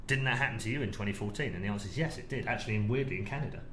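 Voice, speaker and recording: A middle-aged British man co-hosting a podcast, telling a story in a lively way and acting out the quotes. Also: lowish voice, racing. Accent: British English. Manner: animated storyteller, acts out quotes. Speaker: podcast co-host, esports broadcaster. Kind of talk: casual podcast chat, storytelling. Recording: roomy echo, faint noise.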